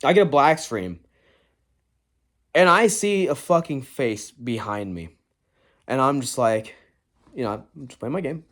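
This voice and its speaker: A man's voice: mid-range voice, expressive, a little slow, pauses often, a bit bright. Profane young man rambling through a ghost story. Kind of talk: casual storytelling to camera.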